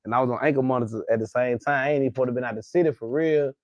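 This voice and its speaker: Fast-talking Alabama man telling stories. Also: mid-range voice, darkish tone, no room sound, highs cut off. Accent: Southern US, Alabama. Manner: loose slangy storytelling, rapid and profane. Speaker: guest. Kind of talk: casual storytelling interview.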